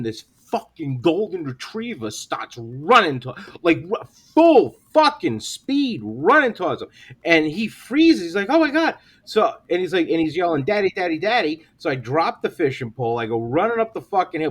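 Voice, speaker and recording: Man high voice, swings all over the place telling dumb stories, cussing, yells the punchlines. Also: moderate pace, breathy edge. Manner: animated storyteller, swears a lot, shouts at punchlines. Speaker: podcast co-host. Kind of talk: casual comedy podcast chat.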